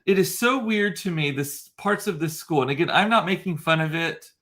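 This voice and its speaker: A man's voice: a little high, moderate pace, fairly bright tone. A man, telling a rambling, gossipy story in a casual vlog, full of campy asides and mocking impressions. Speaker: vlogger. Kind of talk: casual chat.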